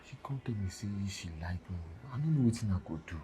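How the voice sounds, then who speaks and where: A man's voice: fairly low pitch, lively intonation, fast, background noise, lightly acted. An actor playing a troubled young man who speaks Nigerian Pidgin and pleads that he does not know what to do. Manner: unsure, defensive pleading. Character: young man torn between two women.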